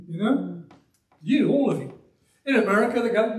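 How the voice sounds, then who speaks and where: An older English preacher with a softened West Midlands accent delivers a sermon in a folksy, emphatic way, breaking into small chuckles. His voice sits a little higher than most men's. It is picked up from some distance in a roomy church hall. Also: very animated, fairly quick, few pauses. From Black Country, West Midlands of England.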